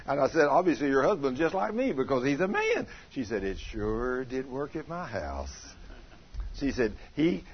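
A man's voice: mid-range voice, normal speed, dull audio, slight background noise. A man preaching a folksy sermon, telling stories and acting out what people said. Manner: animated, acts out quoted voices, shouts in anecdotes. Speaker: pastor.

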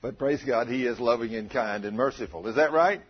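A man preaching a sermon, calling out to his congregation and acting out prayers in an animated way. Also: medium pitch, a little fast, husky, dull audio.

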